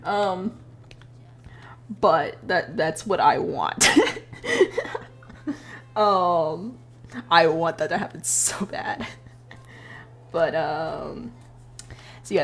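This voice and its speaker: A woman's voice: on the low side, a bit bright. A woman streamer casually recapping a role-play story, rambling, swearing freely and laughing often.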